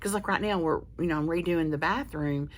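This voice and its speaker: A woman's voice: deep voice, brisk. A woman chatting casually to her viewers, telling a rambling, candid story full of restarts. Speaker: vlogger. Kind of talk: casual chat to camera.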